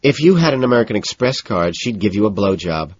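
A man's voice: lowish voice, big pitch swings, fast, husky, dry recording. A man voicing a snobby, tipsy young socialite woman who talks in a bored, gossipy drawl, in a slightly muffled recording. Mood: bored, snobbish.

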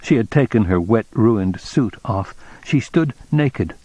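Slow, low-voiced male narrator. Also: animated, warm tone, no echo. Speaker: audiobook narrator. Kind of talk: scripted narration.

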